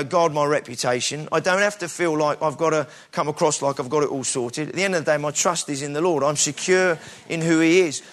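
A middle-aged British preacher, his voice a little high and a bit bright, delivers an informal, conversational sermon in British English. He restarts often and drops in self-deprecating asides.

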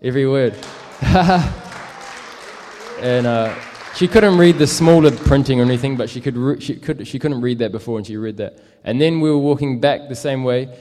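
A man's voice: medium pitch, moderate pace, warm tone, long reverb tail, a faint crowd, slight background noise. A young man telling a casual, rambling story as a street evangelist, full of fillers. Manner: rambling, many fillers and likes.

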